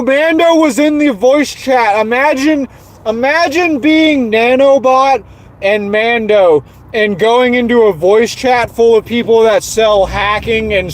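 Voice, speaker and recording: A man with a high-pitched voice delivering a heated, profanity-laden rant, repeating himself as he goes. Faint outdoor traffic and car sounds sit in the background. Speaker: streamer. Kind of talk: angry ranting monologue.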